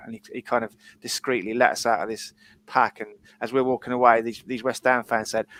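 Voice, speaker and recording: A man on a podcast panel tells an animated story in casual chat and swears freely. His voice sits at a mid pitch. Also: fast.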